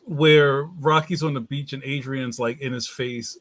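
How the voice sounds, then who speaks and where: A man's voice: mid-range voice, a little slow, few pauses, fairly bright tone, no echo. A man speaking as a guest in a casual chat, talking in a loose, chatty way and putting on voices in his anecdotes.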